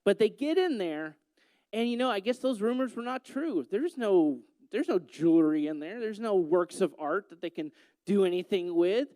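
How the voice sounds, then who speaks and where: A man's voice: high voice, animated, normal speed, warm tone, no echo. A man giving a talk to a gathering, telling a story in a playful way and teasing his listeners. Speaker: youth speaker.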